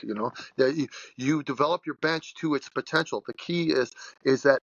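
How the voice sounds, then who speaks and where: A man's voice: mid-range voice, normal speed, creaky, a bit bright, no room sound, dull audio. A man in his sixties, a strength coach being interviewed, telling stories bluntly and with animation. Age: 60s. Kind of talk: podcast interview storytelling.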